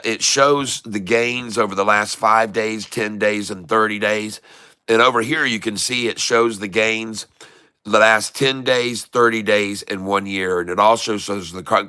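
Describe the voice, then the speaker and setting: A man's voice: on the low side, bright, forceful tone, smooth. A middle-aged man from Florida giving folksy, showman-like live market commentary and greeting viewers by name. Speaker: day-trading streamer.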